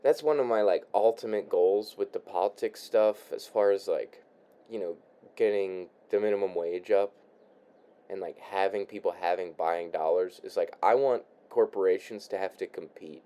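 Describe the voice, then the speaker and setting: A young man talks off the cuff in his room, his voice low and mellow. He trips over his own words, repeats himself and sighs, dropping in casual swears as he goes. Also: normal speed, clear, resonant tone. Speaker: vlogger. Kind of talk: rambling casual monologue while crafting.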